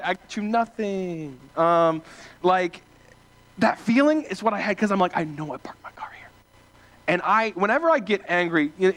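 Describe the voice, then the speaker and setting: A young man from small-town Ohio giving a casual, animated storytelling sermon, full of fillers and self-deprecating asides. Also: sits high. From small-town Ohio, USA. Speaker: preacher.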